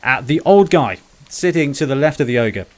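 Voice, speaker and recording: A man runs a tabletop role-playing game, narrating scenes and prompting players in a casual, brisk way with plenty of fillers. His voice sits at an ordinary, mid pitch. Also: expressive. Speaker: game master.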